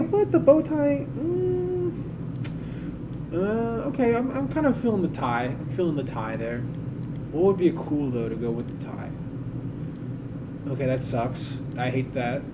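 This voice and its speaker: A man's voice: mid-range voice, background noise. A man streaming a game, chatting casually and thinking aloud, often restarting his sentences. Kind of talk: casual live-stream chat.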